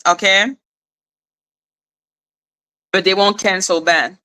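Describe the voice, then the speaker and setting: A woman hosting her own channel, ranting in a casual, sarcastic monologue, swearing and laughing, swinging between high mocking tones and low deadpan asides. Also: takes it slowly, long pauses. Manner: sarcastic, exasperated, swears freely, laughs often. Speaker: commentary channel host.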